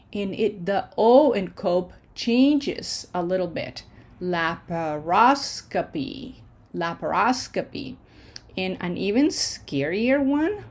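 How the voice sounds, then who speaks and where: A woman teaching an online pronunciation lesson, patient and reassuring, slowing down to sound out words syllable by syllable. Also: mid-range voice, darkish tone. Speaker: language teacher.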